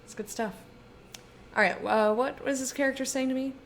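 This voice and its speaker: A woman's voice: high-pitched, steady tone, brisk, a little hiss or hum. A woman streaming a game in casual chat, giggly and loose and swearing now and then as she talks with her viewers.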